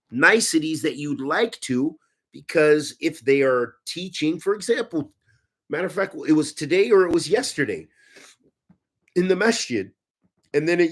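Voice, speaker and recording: A man teaching and answering religious questions in a conversational, animated way, often restarting his sentences. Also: fairly high pitch. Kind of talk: Q&A talk.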